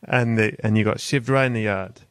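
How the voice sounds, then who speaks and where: A man's voice: on the low side, a little fast, fairly bright tone, clear, resonant tone, no echo. A man hosting a podcast, chatting and spinning absurd improvised stories with casual swearing. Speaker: podcast host. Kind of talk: comic interview chat.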